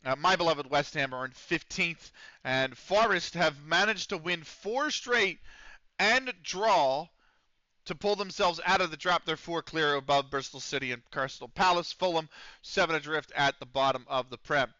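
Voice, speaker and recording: Live-streaming a football management game, this man talks at normal speed in a crisp, bright voice pitched a touch high. His chatter is loose and rambling, thick with fillers like um and offhand cursing, and the lo-fi, slightly dull audio is close and dry with no room sound.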